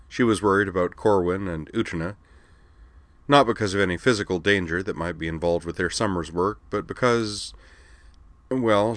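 Deep-voiced man narrating a story. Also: fairly bright tone, dry recording. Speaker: audiobook narrator. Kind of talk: scripted narration.

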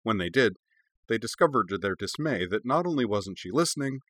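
Male story narrator, steady and measured, lowish voice, dry close sound. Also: dry recording. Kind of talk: audiobook reading of fiction.

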